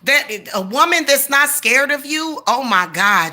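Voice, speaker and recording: Forty-something lady cussing up a storm at the camera, defiant and bragging, real bright sharp voice. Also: high voice, animated, moderate pace, few pauses. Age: 40s. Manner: profane, confrontational ranting; boastful, defiant. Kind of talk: ranting monologue to camera.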